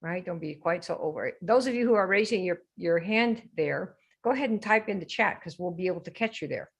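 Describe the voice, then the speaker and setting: A woman's voice: on the low side, expressive, brisk, creaky, husky. A woman hosting a live sales training stream, brash and teasing as she quizzes her viewers. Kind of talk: lively live-stream coaching.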